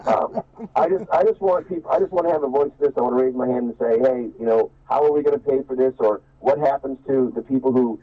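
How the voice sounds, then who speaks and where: A male caller speaks fast and earnestly, rambling through restarts in a husky voice. He comes through a tinny, phone-like line. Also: medium pitch. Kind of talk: call-in opinion.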